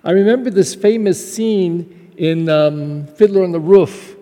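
A Catholic pastor, a man, preaches a graduation homily with a high yet mellow voice. He talks in a heartfelt, conversational way and often restarts his sentences. His words ring out with the long reverb of a church. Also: measured pace. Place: church during Mass.

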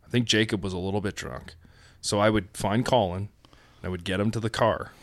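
A man's voice: on the low side, fairly even intonation, brisk, fairly bright tone, dry recording. A young man, a band member and podcast guest, teasing his bandmate in casual chat. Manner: teasing and joking.

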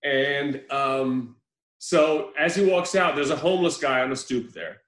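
A man in casual chat, retelling a film with animated, profane storytelling and acted-out lines. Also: medium pitch, unhurried, echoey room, poor audio.

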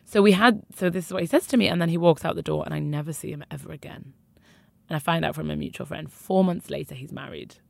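Gravelly-voiced young woman, frank storytelling. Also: low-pitched, fast, no room sound. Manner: frank, emphatic, conversational. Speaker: interview guest. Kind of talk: candid personal storytelling.

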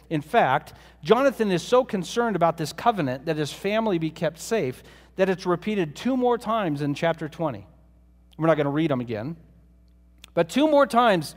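A man's voice: sits high, expressive, moderate pace, in a large hall. A man preaching a sermon in a conversational way, often putting rhetorical questions to his listeners.

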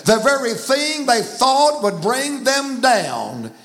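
A man's voice: very high-pitched, big pitch swings, slow, fairly bright tone. A man with a Southern American accent preaching a folksy, emphatic sermon in a church. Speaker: guest preacher. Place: church sanctuary.

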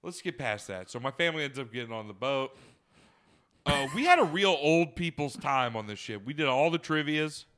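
A young man with a bright, ringing voice tells a long, rambling trip story in a casual podcast chat. His tone is crisp and smooth, and he swears and laughs freely. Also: fairly high pitch, lively intonation, moderate pace. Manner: rambling, profane, laughing often. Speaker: podcast co-host.

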